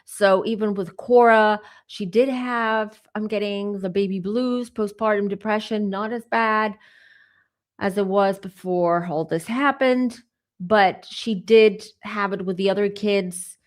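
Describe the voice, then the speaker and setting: A woman giving a psychic reading, talking straight to her viewers in a loose, conversational way. She keeps pausing to say she feels emotional, then goes back to what she is receiving. Her speech is full of fillers and side remarks. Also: mid-range voice. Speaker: tarot reader.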